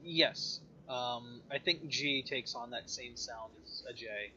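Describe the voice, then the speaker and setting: A man's voice: mid-range voice, takes it slowly, pushed and bright, lo-fi sound, slight background noise. A man reading game dialogue aloud and joking around while he plays. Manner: playful, jokey, does character voices. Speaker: gaming co-host. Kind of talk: casual let's play, reading dialogue aloud.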